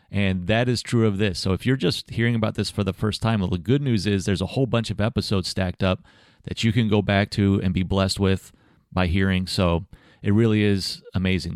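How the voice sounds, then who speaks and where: Measured male podcast host, smooth and resonant, rather low pitched. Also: no room sound, studio quality. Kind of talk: interview hosting.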